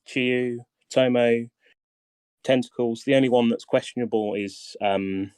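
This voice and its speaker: A man's voice: lowish voice, darkish tone, no room sound. A man hosting a casual voice-chat guide session, talking hesitantly with many ums, his voice tiring. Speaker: game guide host.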